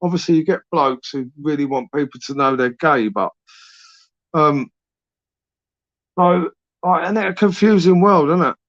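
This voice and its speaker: A man's voice: a little high, moderate pace, pauses often, no echo. A man in his forties hosting a late-night live stream, rambling through chat with sweary, matey banter. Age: 40s. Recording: dry, dull lo-fi stream audio.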